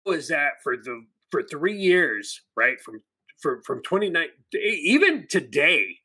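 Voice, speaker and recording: Bright-voiced emphatic man on a podcast. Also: a little high, very animated, a little slow, breathy edge. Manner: emphatic, keeps checking with "right?". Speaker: podcast co-host. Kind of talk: political podcast chat.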